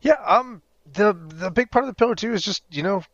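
A man co-hosting a casual podcast, joking in a dry, deadpan way. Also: sits high, a little fast, no room sound, lo-fi sound. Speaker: podcast co-host. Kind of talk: casual chat.

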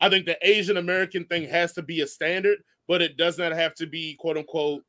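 High-voiced, animated male podcast host. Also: brisk. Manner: animated, laughs often, breaks into silly voices. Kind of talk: casual chat.

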